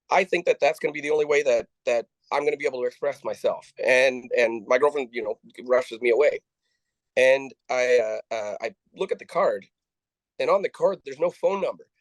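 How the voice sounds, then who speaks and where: Man, interview guest; halting, restart-heavy delivery; acts out quoted lines; dry sound. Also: medium pitch, no echo, rough recording. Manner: halting, with frequent restarts and repeated words; acts out the dialogue of people he quotes. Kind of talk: conversational storytelling.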